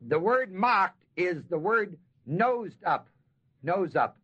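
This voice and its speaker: This expository sermon on a Bible passage comes from a man whose voice sits high, animated with a breathy edge. He's folksy, stresses key words at length and asks his listeners questions, recorded on a dull lo-fi sermon tape.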